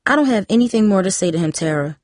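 A woman's voice: mid-range voice, expressive, fairly quick, a little mellow, no echo, studio quality, natural voice. A woman voicing a teenage girl who answers in curt, defensive retorts. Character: teenage girl, guarded and quick to snap.

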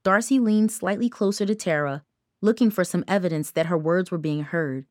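A woman reading an audiobook with measured, even storytelling narration. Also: medium pitch, no echo, studio quality. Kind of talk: scripted narration.

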